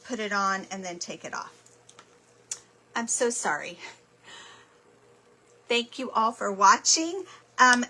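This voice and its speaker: A woman's voice: a little high, bright, forceful tone, low-quality recording. A woman hosting a live craft stream, chatting casually and apologizing as she gets flustered. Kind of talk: casual craft livestream chat.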